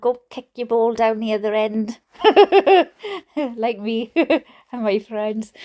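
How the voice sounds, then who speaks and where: Welsh lady reading a story out loud, slow and unhurried, keeps giggling and chatting between bits. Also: high voice. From Wales. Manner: giggly, often breaks into laughter. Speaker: reader and streamer. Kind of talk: reading a book aloud with chatty asides.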